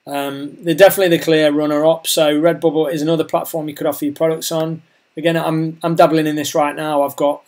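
Chatty man, voice going hoarse. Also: fairly high pitch, darkish tone. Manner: rambling, chatty, repeats words and restarts. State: losing his voice. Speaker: online business vlogger. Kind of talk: casual talk to camera.

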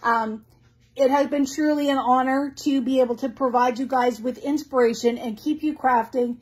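High-voiced chatty woman hosting a live stream. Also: fairly even intonation, normal speed, breathy edge. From Canada. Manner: chatty and effusive, reads viewer comments aloud. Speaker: craft store owner hosting a live stream. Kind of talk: casual live-stream announcements.

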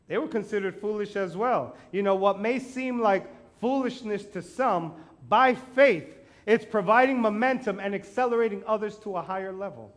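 A male pastor preaching a sermon, animated and joking at his own expense, acting out little quoted remarks and building to emphatic repeated declarations. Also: sits high, brisk, few pauses. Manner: animated, self-deprecating humor, acts out quotes.

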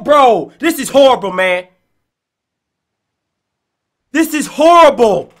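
A man reacting to a horror game, panicky and pleading, often shouting in fright. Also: extremely high pitch, animated, slow, pauses often. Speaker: gaming YouTuber. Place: indoors playing VR.

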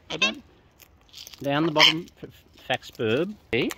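Australian woman coaxing birds, slow and lively. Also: sits low, vocal fry, background noise. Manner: affectionate, playful coaxing of birds. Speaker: vlogger feeding wild birds. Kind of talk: casual chat to birds. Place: outdoors among feeding birds.

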